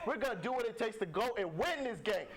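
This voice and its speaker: A man's voice: sits high, lively intonation, quick pace, a crowd in the background. A man doing an angry senior football player. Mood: rallying. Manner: blustering, repetitive. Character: angry senior male college football player rallying his team. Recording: noticeable background noise.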